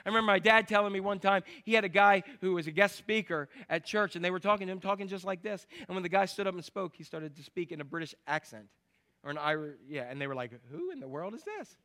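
A man preaching a sermon as pastor, animated, acting out the people in his stories. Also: high voice, quick pace. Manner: animated storytelling, acts out quotes.

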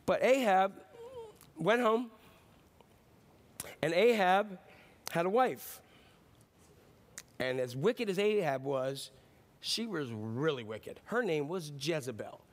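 A pastor preaching a sermon, retelling a Bible story with animated, playful storytelling. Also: male voice, on the high side, slow, long pauses. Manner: animated storytelling, slipping into playful character voices.

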